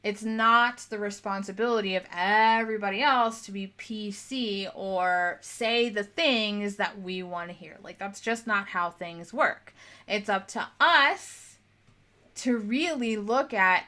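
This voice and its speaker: A woman's voice: mid-range voice, slow pace, bright, forceful tone. A young adult woman giving a casual motivational talk as a spiritual coach, blunt and swearing freely, acting out the voices she quotes.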